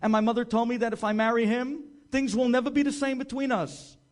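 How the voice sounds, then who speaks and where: A man's voice: very high-pitched, fairly even intonation, a little fast, voice pushed up. A man putting on a bitter estranged daughter. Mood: resentful. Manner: blunt, resentful.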